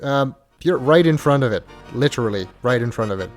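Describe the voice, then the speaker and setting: Chatty man, lively pitch. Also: a little fast, faint music behind. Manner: chatty, wry asides and musing. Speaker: let's play host. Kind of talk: casual gameplay commentary.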